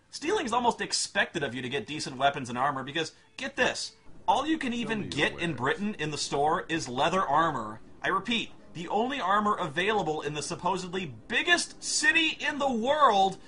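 A man's voice: high-pitched, sharp tone. A man reviewing a video game in a sarcastic, profane, exasperated comic rant.

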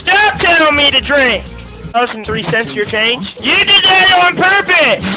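A very high-voiced man who keeps erupting into frantic, shrill shouts, then drops back to slow, soft pleading. The sound is thin and phone-like, with music playing underneath. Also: lively intonation. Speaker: livestream hotline host. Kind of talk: comedic livestream rant. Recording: tinny phone-quality lo-fi audio.

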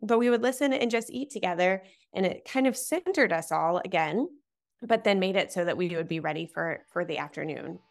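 A woman's voice: on the low side, expressive, brisk, creaky. A woman occupational therapist guest, talking reflectively in a casual interview. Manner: reflective, trailing restarts.

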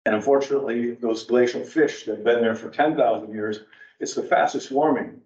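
A man speaking as a guest at an adult education class, wandering from point to point in an animated, storytelling way. He sounds distant from the mic in a roomy church space. The recording is dull and lo-fi. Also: mid-range voice, fairly quick. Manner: rambling, digressive, animated storyteller. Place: church meeting room.

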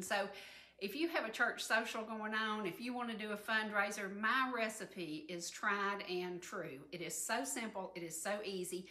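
A woman's voice: mid-range voice, sharp tone, reverberant. A woman in her sixties with a Southern US accent, hosting a cooking segment in a homey, folksy way. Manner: folksy, homey, says y'all. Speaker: talk show host. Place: indoor kitchen.

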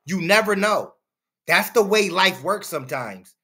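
A man's voice: high-pitched, lively intonation, a little slow, bright, forceful tone, slightly rough. A man hosting a commentary channel, lecturing his audience in a preachy, repetitive way. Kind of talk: opinion commentary over footage.

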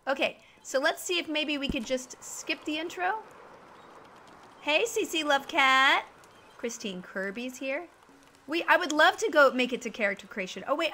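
A woman's voice: sits high, sharp tone, slight background noise. A woman live-streaming a video game from home, chatting with viewers and reacting to the game crashing. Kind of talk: casual live-stream chat while gaming.

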